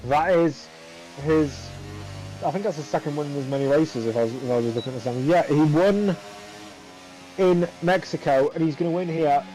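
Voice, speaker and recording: A man's voice: a little high, normal speed, dark tone, faint music behind, rough recording. A man doing live commentary and interviews for a sim racing league, dry and sarcastic, rambling with fillers.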